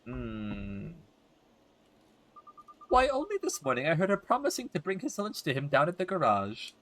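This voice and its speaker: A man's voice: a little high, huge pitch swings, moderate pace, a bit bright. A man voicing a nosy, chatty older housewife who gossips about the neighbors in a fussing, sugary way. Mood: gushing.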